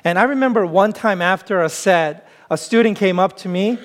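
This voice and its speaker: A man preaching a sermon to his congregation in a relaxed, conversational way, often pausing on "uh", with playful asides that draw laughs. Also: high voice. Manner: conversational preaching with frequent "uh" fillers. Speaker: pastor.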